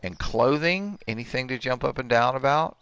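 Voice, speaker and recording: In a clean recording with no echo, a man in his sixties hosts a gaming channel, cracking jokes over a let's-play and ribbing the characters. His mid-range voice is expressive and fairly bright, moving at a moderate pace.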